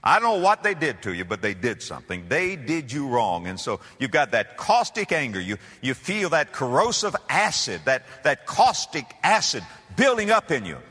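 A man's voice: mid-range voice, huge pitch swings, normal speed, few pauses, bright, forceful tone, breathy edge. A man preaching a sermon as pastor, emphatic and dramatic, with repeated phrases. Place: church. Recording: reverberant hall.

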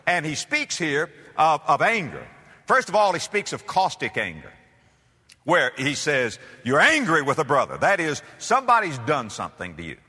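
A man's voice: on the high side, huge pitch swings, moderate pace, sharp tone, breathy edge. A man preaching a sermon as pastor, emphatic and dramatic, with repeated phrases. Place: church. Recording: reverberant hall.

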